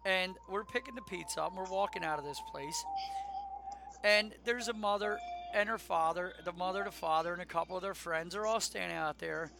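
A middle-aged man co-hosting a casual chat show, talking in an animated, emphatic rant. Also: high-pitched, fairly quick, gravelly, music in the background. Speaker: podcast co-host.

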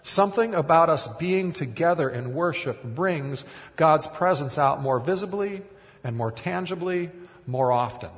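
A man's voice: a little high, in a large hall. A man from Minnesota preaching a sermon in church, conversational and self-deprecating, with frequent restarts and asides. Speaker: pastor. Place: church sanctuary.

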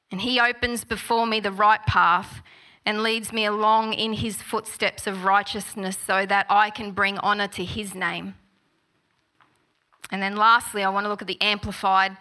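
Woman, middle-aged, preacher, sermon, unhurried delivery, bright tone. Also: medium pitch. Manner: warm, personal storytelling with gentle laughs; slow, unhurried reading of scripture.

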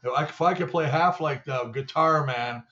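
A man's voice: a little high, normal speed, sharp tone, muffled recording. An older man, a former player and show analyst, telling rambling, salty stories in casual sports talk. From Canada. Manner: rambling, salty storytelling with mimicry.

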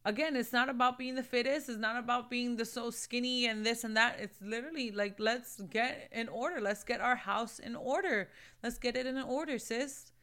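An earnest Christian woman talks to her viewers in a casual vlog, calling them "sis" and "babe" as she encourages them. Her voice is bright and forceful. It sits a little high for a woman. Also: normal speed, few pauses. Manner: earnest, encouraging, laughs between points; mixes in Spanish phrases. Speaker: Christian lifestyle vlogger. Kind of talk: casual motivational talk to camera.

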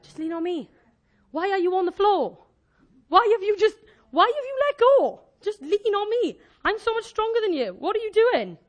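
Woman doing soft coaxing jesus, high quiet voice, half whispered. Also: big pitch swings, normal speed. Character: gentle reassuring Jesus, a steady male adult.

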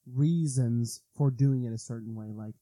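Mellow-voiced man in casual chat. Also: mid-range voice, normal speed. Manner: joking, swears casually. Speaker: podcast co-host.

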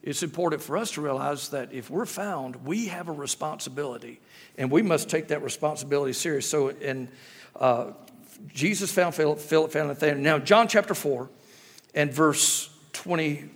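A man preaches a sermon in a folksy way, often restarting and repeating his words. His voice sits a little high for a man. The sound rings with the long reverb of a church hall. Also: normal speed, slightly rough. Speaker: guest pastor.

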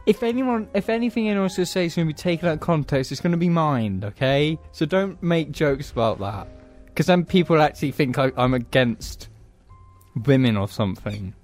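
A man in casual podcast banter, speaking a little higher than most men. His pitch jumps around a lot as he protests and argues his point with friends, with faint music in the background. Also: expressive, a little mellow. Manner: defensive, quick to protest. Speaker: podcast co-host.

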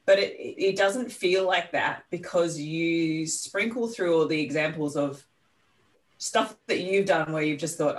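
A woman's voice: fairly low pitch, a little slow. A woman co-hosting a podcast, with an Australian accent, who rambles through long, appreciative remarks and interrupts herself. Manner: rambling, warm praise with laughs and self-interruptions. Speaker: podcast co-host. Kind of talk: casual interview conversation. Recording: slightly distant mic.

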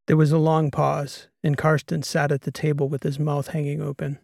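A man narrating a science fiction audiobook in a steady, even storytelling manner. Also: on the high side, normal speed, creaky, hardly any pauses, dry recording, clean studio sound. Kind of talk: scripted narration.

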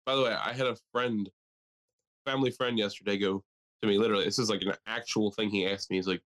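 A man's voice: on the low side, steady tone, fast talker, a bit bright. Crude, rambling young man chatting. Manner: crude, jokey, rambling with mocking impressions. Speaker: podcast co-host. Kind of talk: casual chat.

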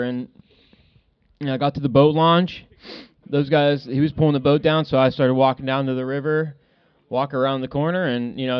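A man on a podcast telling a fishing story in casual talk, loud and swearing. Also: mid-range voice, clean tone. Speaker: podcast co-host. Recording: dull lo-fi sound.

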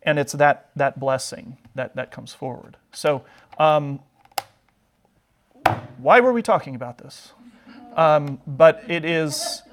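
A man's voice: fairly high pitch, slow, long pauses, noisy background. A man teaching an adult Sunday school class, retelling a Bible story in a chatty, joking way.

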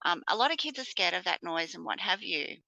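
Mum co-host, bright gravelly voice, dry close sound, halting delivery. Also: female voice, on the low side, lively intonation, no room sound, rough recording. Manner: hesitant, restarts, many "um"s. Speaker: podcast co-host, mother. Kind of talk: casual wellness chat.

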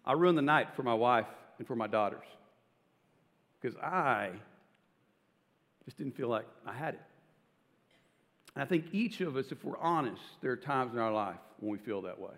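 A man's voice: mid-range voice, animated, moderate pace, long pauses, fairly bright tone. A middle-aged man, a pastor, giving a casual, self-deprecating sermon with stories to a congregation. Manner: conversational, self-deprecating storytelling. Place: church auditorium. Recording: long reverb of a large hall.

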